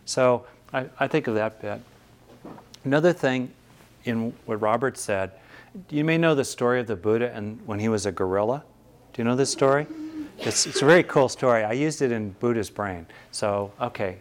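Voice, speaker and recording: A man teaching meditation to a live audience. His delivery is thoughtful and searching, with frequent restarts. His voice sits at an ordinary middle pitch. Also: brisk, a little hiss or hum.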